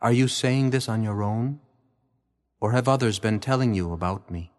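A man voicing Jesus as a calm grown man answering his questioners in a steady, measured way. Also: on the low side, long reverb tail, natural voice. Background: faint guitar music.

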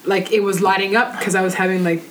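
A woman's voice: medium pitch, fairly even intonation, fast talker, poor audio. A woman telling a story in loose, casual chat. She jokes brashly and swears freely. A faint noise sits under her voice.

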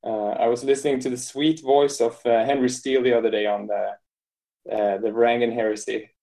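A man co-hosts a relaxed hobby podcast, chatting loosely and breaking into laughter often. His voice sits at a middling pitch with a dark, mellow tone. He swears casually as he jokes. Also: a little fast, gravelly. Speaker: podcast co-host.

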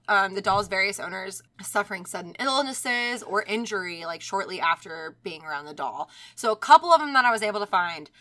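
A young woman casually telling a haunted doll story on a podcast, animated and swearing, often laughing. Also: medium pitch.

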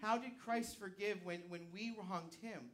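A male pastor preaching a sermon, swinging from loud, emphatic shouts to quiet asides, with a live object lesson on stage. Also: high voice, a little slow.

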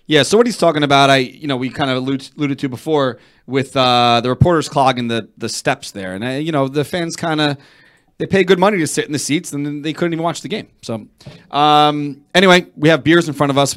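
A man hosting a sports talk show, casual and rambling, with halting restarts. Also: mid-range voice, fairly bright tone. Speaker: host.

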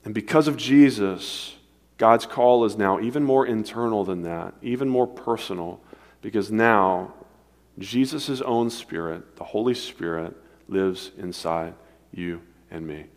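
A man's voice: lowish voice, measured pace. Preaching man in a reverberant hall. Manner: dynamic delivery, swinging between emphatic and hushed. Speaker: pastor. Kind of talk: sermon. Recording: long reverb of a large hall.

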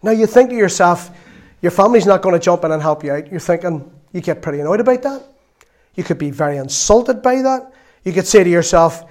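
A middle-aged man with a Northern Irish accent preaching a sermon, telling a lively story from his own family and acting out the voices in it. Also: high-pitched, a little fast. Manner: lively storytelling, acts out voices, laughs often.

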